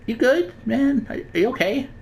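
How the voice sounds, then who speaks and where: A woman's voice: sits high, sing-song, normal speed, creaky, a little mellow, slight background noise. A woman giving casual, baffled commentary on a game she is playing, swearing freely. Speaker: let's play host.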